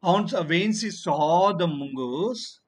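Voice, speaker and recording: Male teacher, fairly high voice, online class, explains by repeating and answering his own questions. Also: animated, takes it slowly.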